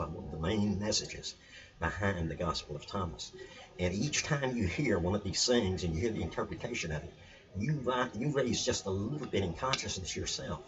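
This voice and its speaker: A man with a very low voice gives a spiritual lesson, earnest and emphatic, circling back to stress his points. His voice sits a little back from the mic, and the sound is dull and lo-fi. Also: far from the mic. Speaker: video teacher on scripture. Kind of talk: spiritual teaching talk.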